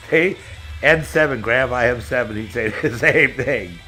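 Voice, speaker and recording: A man's voice: medium pitch, takes it slowly, sharp tone, faint music behind. An older man hosting a live stream, telling rambling stories in a casual, heavily profane way. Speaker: streamer host.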